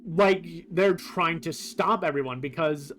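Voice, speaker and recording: A man's voice: fairly high pitch, unhurried, a bit bright, slight background noise. Casual rambling male streamer. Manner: rambling, many fillers like "uh" and "like". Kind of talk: casual game commentary.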